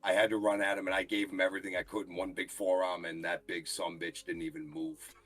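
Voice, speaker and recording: Brash Boston man, low voice. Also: level tone, quick pace, fairly bright tone, faint music behind. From Boston, USA. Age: 40s. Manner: blunt, brash storytelling. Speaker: guest, wrestling referee. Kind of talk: casual chat.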